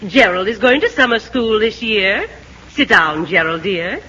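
An actress playing a prim, strict schoolmistress in a vintage film, with a formal, stern manner. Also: female voice, mid-range voice, animated, a little slow, sharp tone, muffled recording, a little hiss or hum. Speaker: teacher. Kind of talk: 1940s film acting.

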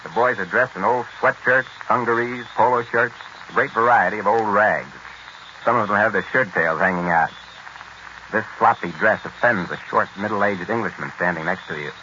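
A man narrating in a brisk, explanatory way, in a 1940s radio documentary. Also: fairly low pitch, bright, forceful tone, a little hiss or hum. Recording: dull lo-fi 1940s radio recording.

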